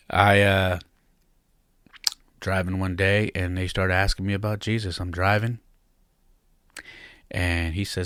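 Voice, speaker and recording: A man's voice: low voice, flat delivery, slow pace, pauses often, a bit bright, smooth, dry recording, clean studio sound. A man in his thirties, a podcast host, candidly telling a personal story in a reflective, heartfelt way.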